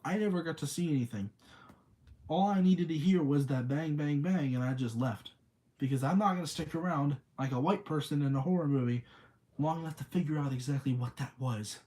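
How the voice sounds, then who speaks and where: Rambling young man, mellow voice. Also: medium pitch, brisk. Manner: rambling, chatty, reads chat aloud. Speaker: streamer. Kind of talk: casual storytelling on a livestream.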